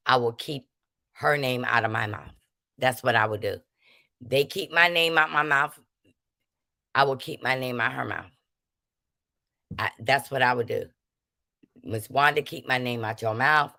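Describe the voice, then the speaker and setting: A woman's voice: a bass voice, bright, forceful tone, no room sound, studio quality. A woman hosting a livestream, calling people out to her chat and switching between anger and preachy talk of prayer and forgiveness. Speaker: livestream host.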